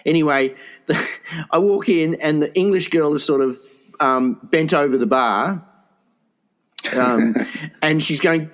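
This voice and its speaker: A man co-hosting a gross-out comedy podcast, his voice sitting a little high for a man. He rambles through stories with lots of restarts and frequent laughter. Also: normal speed. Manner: rambling, stumbling storyteller who laughs a lot. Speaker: podcast co-host. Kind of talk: crude comedy banter.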